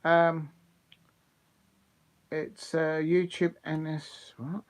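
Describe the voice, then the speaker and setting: A man hosting a live football watch-along, chatting excitedly with viewers and laughing often. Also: fairly high pitch, extremely slow. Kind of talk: live casual chat with viewers.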